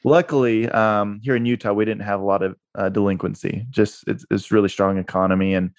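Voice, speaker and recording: A man's voice: on the low side, fairly even intonation, a little fast, dry recording, studio quality. A man being interviewed on a podcast, telling stories energetically and repeating words for emphasis. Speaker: guest, real estate investor and broker. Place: Utah.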